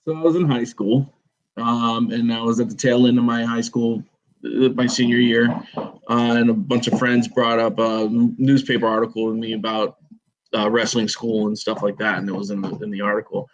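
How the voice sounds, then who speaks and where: This man speaks in a steady, monotone way as he recalls his early years, with fillers between phrases. The recording is slightly muffled and lo-fi. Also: mid-range voice. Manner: flat, measured recollection with fillers. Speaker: guest, pro wrestler. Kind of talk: casual podcast interview. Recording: slightly dull lo-fi sound.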